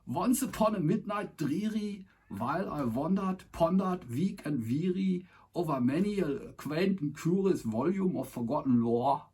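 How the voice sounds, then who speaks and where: A man's voice: on the high side, darkish tone, husky, voice pushed up, full character voice. A man reciting a poem in an exaggerated, put-on German accent with a theatrical, sing-song delivery. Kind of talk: comic poetry recitation.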